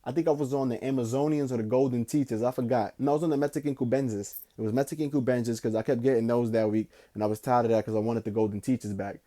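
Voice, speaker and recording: A young man casually telling a rambling story, slangy and profane, drifting between slow musing and excited bursts. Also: medium pitch. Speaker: podcast host.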